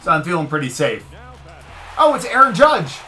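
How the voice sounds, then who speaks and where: A man with a fairly high, bright voice, commentating a baseball video game in a casual let's-play style. He swings his pitch all over as he talks to the game, cheering and groaning along with every pitch, with soft music underneath. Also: sing-song, moderate pace. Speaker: gaming video creator.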